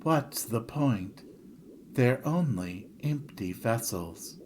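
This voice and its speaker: A man doing a flat robotic clone girl. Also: medium pitch, very slow, a little hiss or hum, pitched below the performer's own voice. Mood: hollow. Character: young female clone, hollow and emotionless. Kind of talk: video game dialogue reading.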